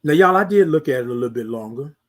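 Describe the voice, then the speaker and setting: A man's voice: medium pitch, fast talker. A man hosting a casual monologue podcast, talking animatedly and preaching to listeners. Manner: animated, preachy, asks listeners "y'all feel me". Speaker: podcast host.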